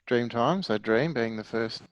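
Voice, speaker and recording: A man's voice: mid-range voice, a little slow, dull audio, slight background noise. A middle-aged man teaching music theory in a patient, explanatory way, often putting questions to his class. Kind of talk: online music theory lesson.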